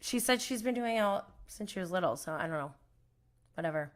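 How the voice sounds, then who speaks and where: A woman hosting a casual solo recap podcast, chatty and animated, laughing often and trailing off mid-thought. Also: fairly low pitch, a little fast. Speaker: podcast host.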